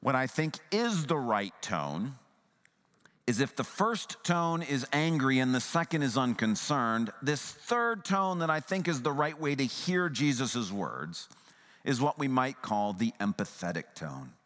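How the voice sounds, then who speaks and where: A man preaching a sermon as a pastor, earnest and conversational, at times dropping to a soft, hushed voice. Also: medium pitch, animated, unhurried, long reverb tail.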